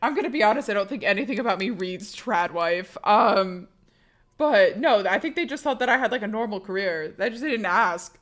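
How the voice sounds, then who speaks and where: A woman's voice: mid-range voice, animated, normal speed, fairly bright tone. A woman streamer talking casually with her chat, rambling and joking, with frequent swearing. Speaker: live streamer.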